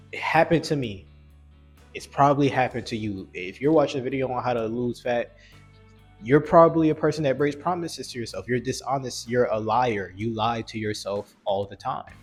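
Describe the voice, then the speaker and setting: A man giving a blunt, earnest motivational talk about self-discipline and weight loss, with frequent restarts, over soft music. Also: mid-range voice, husky. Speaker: fitness vlogger. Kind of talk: motivational monologue.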